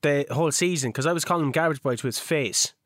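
A man co-hosting a casual podcast, recapping a game season with jokes and lively storytelling. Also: fairly high pitch, fast, dry recording, studio quality. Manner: jokey, animated recapping of game moments. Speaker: podcast co-host. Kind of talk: casual chat.

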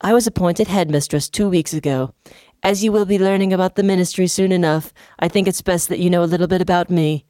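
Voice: medium pitch, fast talker, warm tone, no room sound, studio quality, pitched above the performer's own voice, lightly acted. A podcaster voicing a fussy, self-important headmistress witch while reading fan fiction aloud. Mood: prim.

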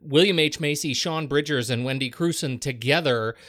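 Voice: mid-range voice, normal speed, a bit bright, no echo, clean studio sound. A podcast co-host in a casual film discussion, earnest, building each point with rising emphasis.

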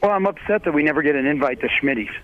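A man with a hoarse voice from a cold, giving football analysis on a sports radio show in a measured, conversational way. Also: on the high side, lively intonation, slight background noise. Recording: phone-line audio.

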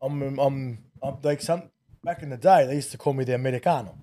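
A man's voice: mid-range voice, fairly quick, mellow. A man from Australia with an Australian accent, a comedian guest rambling in casual chat, repeating words and swearing.

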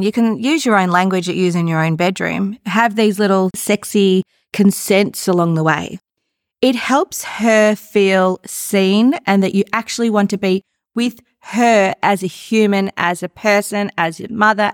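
A woman's voice: mid-range voice, no echo, clean studio sound. A woman hosting a podcast, talking frankly and playfully in casual chat. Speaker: podcast host.

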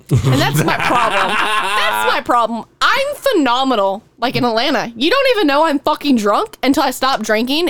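A woman's voice: on the high side, dry recording. Cursing young woman. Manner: profane, animated storytelling with acted quotes. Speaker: podcast host. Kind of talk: casual storytelling chat.

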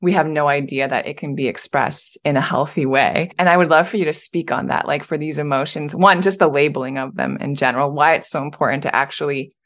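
A woman hosting a podcast interview, giving soft affirmations and asking gentle questions. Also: deep voice, fairly even intonation, a little fast, few pauses. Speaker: podcast host. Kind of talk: conversational interview.

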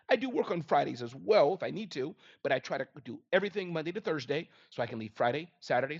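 A middle-aged man giving business advice in an energetic, emphatic motivational talk. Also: a little high. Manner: energetic, emphatic, lively delivery. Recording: dull lo-fi sound.

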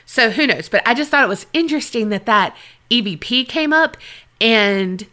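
Bright animated woman podcast co-host. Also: on the high side, normal speed. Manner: animated, lots of fillers and impressions. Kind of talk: casual chat.

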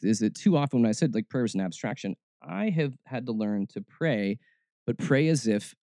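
A man's voice: mid-range voice, mellow, no room sound, studio quality. A man hosting a faith podcast, talking in a casual, reflective way and often restarting his words. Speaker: podcast host.

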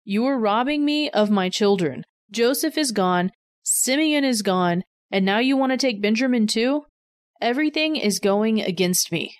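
A woman's voice: on the high side, expressive, normal speed, lightly acted. A woman reading the lines of an old grieving father, in a plain read-aloud delivery. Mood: lamenting. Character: old grieving father, fearful of losing sons.

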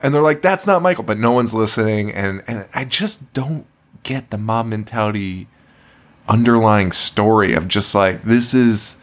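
A man's voice: on the low side, measured pace. Laughing, profane young man on a podcast. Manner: profane, laughing, acts out movie lines. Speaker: podcast co-host. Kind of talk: casual chat.

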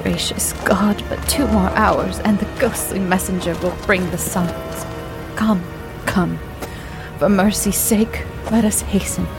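A woman's voice: low-pitched, steady tone, slow, vocal fry, over music, exaggerated voice. A woman voicing a terrified dying man who groans and drops into whispers, in a spoken ghost story. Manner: frantic, groaning, breaks into whispers.

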